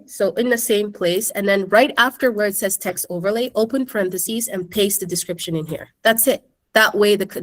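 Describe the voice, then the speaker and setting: A woman teacher giving a casual screen-share tutorial in a classroom, chatting and checking in with her students. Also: medium pitch. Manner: chatty, keeps addressing the class.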